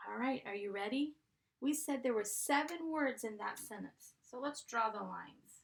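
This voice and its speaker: A woman's voice: a little high, expressive, moderate pace, creaky. A woman teaching a first grade class, dictating sentences and patiently sounding out letters and blends.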